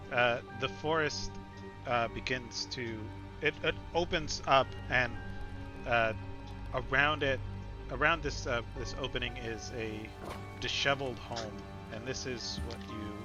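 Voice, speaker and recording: A man runs a tabletop game, narrating the scene slowly and pausing often on fillers. His voice sits at a middle pitch. Music plays clearly behind him. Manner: slow, hesitant narration with many fillers. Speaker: game master. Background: background music.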